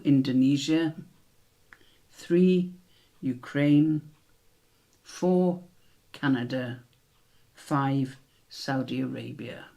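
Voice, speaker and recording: A man with a British accent hosting a quiz, reading each question slowly and repeating it, with chatty asides in between. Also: medium pitch, warm tone. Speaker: quiz host.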